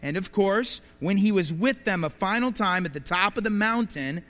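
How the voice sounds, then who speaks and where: A man's voice: high-pitched, animated, moderate pace, a bit bright. A man preaching a sermon as a pastor, telling stories and asking the congregation rhetorical questions. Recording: reverberant hall.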